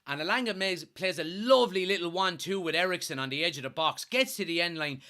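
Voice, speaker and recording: A young man hosting a live fan watchalong, giving excitable, partisan commentary and reading out chat. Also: high-pitched, fast talker. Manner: excitable, partisan, swears when thrilled.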